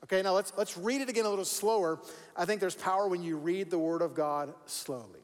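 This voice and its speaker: A man's voice: high voice, brisk, in a large hall. A man preaching a sermon as pastor, conversational and repeating words for emphasis. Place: church sanctuary.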